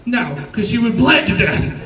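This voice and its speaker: A man's voice: very high-pitched, sing-song, normal speed, pushed and bright, echoey room, distant mic, low-quality recording. A man doing a stand-up comedy set, telling chatty stories and acting out quoted voices. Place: comedy club stage.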